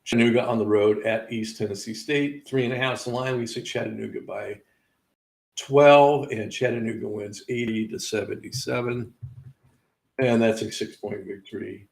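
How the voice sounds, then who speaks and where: A man's voice: mid-range voice, steady tone, moderate pace, vocal fry, rough recording. A man hosting a live sports betting show, casually running through game results with wry asides and laughing at his own missed picks.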